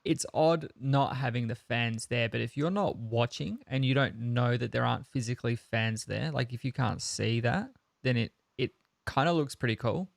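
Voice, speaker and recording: A man's voice: medium pitch, normal speed, creaky, hardly any pauses, no echo, clean studio sound. A man co-hosting a casual podcast, talking earnestly with lots of fillers and restarts. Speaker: podcast co-host.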